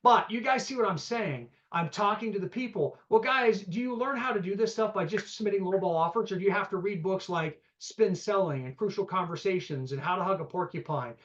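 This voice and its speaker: A man teaching a live real estate investing seminar, energetic and conversational, peppering the audience with rhetorical questions and "okay?". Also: sits high, fairly quick, hardly any pauses, highs cut off.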